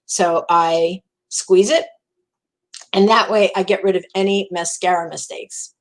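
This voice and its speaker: A woman's voice: lowish voice, steady tone, measured pace, poor audio. A woman with a New Jersey accent giving a live makeup tutorial in a chatty, encouraging way, repeating words for emphasis. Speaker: makeup demonstrator.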